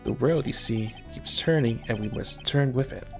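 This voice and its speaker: Man doing a smug, cryptic game prosecutor, deep and raspy. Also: moderate pace, over music, lightly acted.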